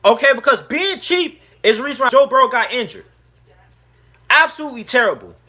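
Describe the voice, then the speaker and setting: Heated man, sports vlogger, high sharp voice, furious repetitive rant. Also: animated, brisk. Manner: angry, heated, repetitive ranting. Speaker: sports YouTuber. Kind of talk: ranting sports commentary.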